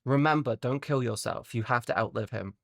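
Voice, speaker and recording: A woman streamer chatting casually with her viewers from home, rambling, animated and sweary. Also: a bass voice, a little fast, creaky, no echo, studio quality. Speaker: VTuber streamer. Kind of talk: casual chat with live chat viewers.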